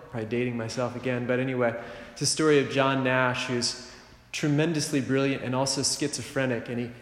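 A middle-aged man preaching a sermon in a conversational way, with joking asides and quick rhetorical checks on the congregation. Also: mid-range voice. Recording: roomy church reverb.

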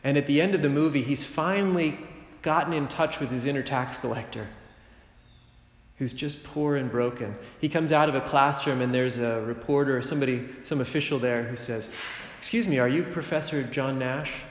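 A middle-aged man delivers a sermon in a relaxed, conversational way, slipping in joking asides and quick rhetorical checks on his listeners. His voice sits at an ordinary male pitch. It rings out with a long, roomy reverb like a large church. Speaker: preacher.

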